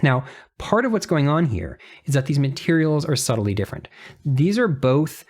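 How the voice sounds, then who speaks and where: A man's voice: fairly high pitch, very animated, normal speed, a little mellow, husky. A man giving a casual, detail-focused knife review, talking through what he shows with frequent restarts and fillers. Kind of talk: casual show-and-tell review.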